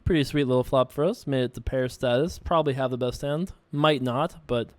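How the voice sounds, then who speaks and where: A man's voice: medium pitch, fairly quick. A man hosting a show, chatting casually while playing poker, rambling and laughing easily. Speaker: podcast host.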